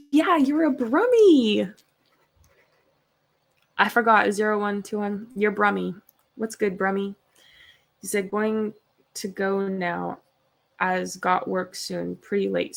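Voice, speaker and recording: A woman's voice: medium pitch, measured pace, vocal fry. A young woman hosting a casual livestream, talking passionately and reading out chat comments. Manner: passionate, emphatic, animated. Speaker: livestream host.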